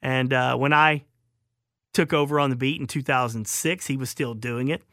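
Southern male radio host, bright and slightly high, rambling and chuckling, dry studio sound. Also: steady tone, normal speed, dry recording. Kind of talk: call-in radio storytelling.

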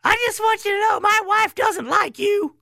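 A man doing an impression of a blunt, dry elderly male football coach, delivering a deadpan put-down. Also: extremely high pitch, normal speed, creaky, no echo, pitched above the performer's own voice, full character voice.

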